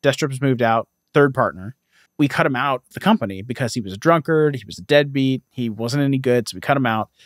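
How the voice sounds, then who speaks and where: A man's voice: medium pitch, no echo. Guy in his thirties co-hosting a podcast, retells a story with lots of little character voices, pretty dry sound. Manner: animated retelling with quick quoted voices. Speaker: podcast co-host.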